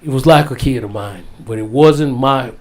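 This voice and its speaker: A man telling a heartfelt story as a guest, drawn out, dropping low and soft on the sad parts. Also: moderate pace. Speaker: wrestling guest. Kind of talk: storytelling in casual interview.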